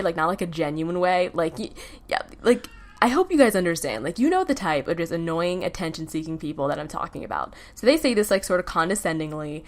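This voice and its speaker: A teenage girl hosting her own podcast, chatting casually in a rambling way, full of "like" fillers and quick laughs. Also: lowish voice. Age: teens. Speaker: podcast host. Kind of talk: casual solo chat. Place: home, with a baby babbling nearby.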